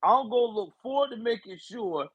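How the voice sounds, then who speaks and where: A man's voice: high voice, animated, normal speed, husky, highs cut off, pitched above the performer's own voice. A man mimicking a rambling, evasive elderly male politician who stammers and mumbles reassurances. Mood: placating.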